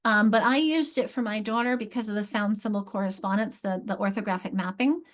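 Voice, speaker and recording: A woman's voice: mid-range voice, fairly quick. A woman presenting a teacher training session on reading and spelling, explaining step by step with frequent restarts and questions to her audience. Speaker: literacy workshop presenter.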